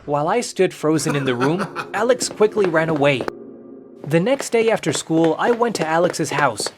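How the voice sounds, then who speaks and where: A narrator telling a first-person story in an even, clearly paced storytime narration. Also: medium pitch, moderate pace, over music.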